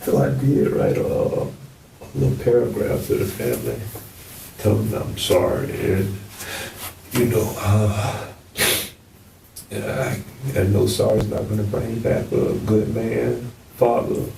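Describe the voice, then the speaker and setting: A man's voice: lowish voice, lively intonation, measured pace, creaky, dark tone. A man in police interrogation footage talking remorsefully and repeating himself, recorded in an interrogation room. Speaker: murder suspect in interrogation. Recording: echoey room, mic far off, faint hiss.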